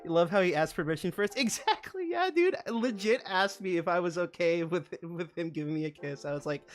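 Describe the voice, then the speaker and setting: A man's voice: high voice, lively intonation, a little fast, hardly any pauses, faint music behind. Laughing young man telling stories. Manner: laughing storyteller, lots of swearing and filler. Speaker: streamer. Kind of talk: casual chat on a hobby stream.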